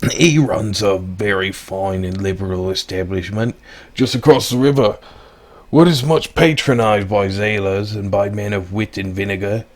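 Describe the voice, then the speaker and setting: A man voicing a sly male dockside go-between in a game, reading his lines in a put-on accent, raised in pitch and louder than his usual talk. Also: moderate pace, natural voice.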